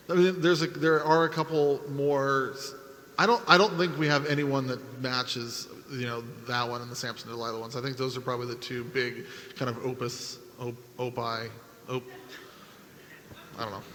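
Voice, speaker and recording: A man answering as showrunner on a convention panel, joking and halting as he hunts for words. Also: medium pitch, sharp tone. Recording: reverberant hall with faint noise.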